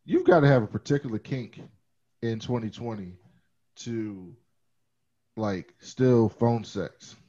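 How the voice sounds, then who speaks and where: A man's voice: fairly low pitch, slow pace, long pauses, dark tone. A man co-hosting a podcast, talking casually and digressively about a movie, swearing now and then. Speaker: podcast co-host. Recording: dull lo-fi sound.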